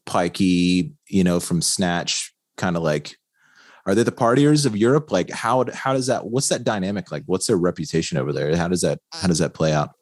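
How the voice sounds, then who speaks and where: A man co-hosting a racing podcast, talking casually with lots of fillers and quick laughs. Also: low voice, a little mellow, no echo, clean studio sound. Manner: rambling, laughs often, many fillers. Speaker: podcast co-host. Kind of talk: casual chat.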